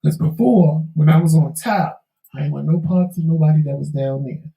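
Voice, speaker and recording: A man sharing a hard-won life lesson in a candid, preachy talk-show chat, his slang loose and his voice gravelly and wearing thin. The tone is dark and mellow. He sounds set back from the mic in a roomy, echoing space. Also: a little high, normal speed, distant mic. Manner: preachy, emphatic, folksy Southern-tinged slang. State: losing his voice.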